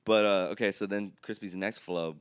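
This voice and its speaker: A man co-hosting a podcast, telling a story in casual chat, profane and animated, acting out his own reactions. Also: lowish voice, moderate pace, clean tone, no room sound, clean studio sound. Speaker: podcast co-host.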